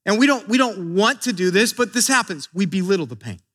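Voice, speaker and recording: A man's voice: sits high, big pitch swings, fairly quick, fairly bright tone, slightly rough. A man preaching a sermon in an earnest way, often repeating words as he builds emphasis. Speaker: pastor.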